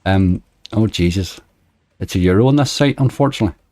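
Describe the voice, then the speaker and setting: A man's voice: low-pitched, fairly quick, warm tone, no echo. A man hosting a casual livestream, chatting loosely and reading out viewers' messages into a desk microphone. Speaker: slots livestreamer. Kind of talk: casual live-stream chat.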